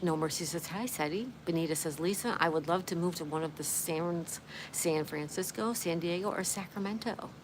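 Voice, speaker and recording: A woman's voice: on the low side, normal speed. A woman hosting a casual livestream, reading viewer comments aloud and greeting each viewer by name in a friendly way. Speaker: livestream host. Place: outdoors. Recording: steady outdoor background noise.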